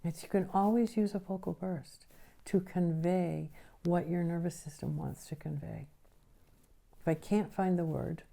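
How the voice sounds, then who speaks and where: A woman teaching a recorded lesson on the nervous system, explaining patiently and often checking in with a quick question. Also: on the low side, steady tone, gravelly, dark tone.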